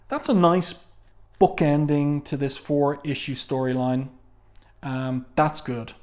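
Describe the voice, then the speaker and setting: A man with a medium-pitched, darkish voice reviews a comic book casually, reading quotes from the panels aloud. His talk is full of fillers and asides.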